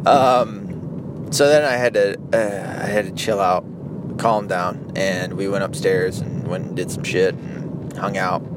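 A man's voice: low voice, fairly even intonation, measured pace. A man in his thirties telling a casual vlog story about himself as a father, profane and rambling, often laughing as he talks. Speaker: vlogger, father of an eight-year-old. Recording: clear traffic and street noise.

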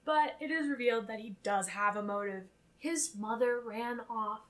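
A young woman co-hosting a podcast, casually recapping a film in an animated, profane way. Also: fairly high pitch, normal speed, hardly any pauses. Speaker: podcast co-host.

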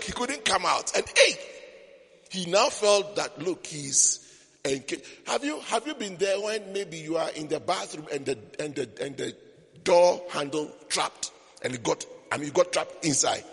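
Male preacher, high animated voice, story sermon with jokes, reverberant church. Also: normal speed, breathy edge. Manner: storytelling with joking asides to the congregation. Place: church service. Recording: long hall reverb.

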